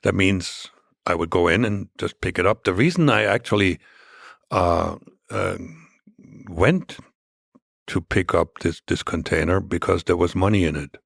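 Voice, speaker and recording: A man as a podcast guest, recounting past events in a measured, reflective way during a conversational interview. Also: low-pitched, creaky, breathy edge, no echo, studio quality.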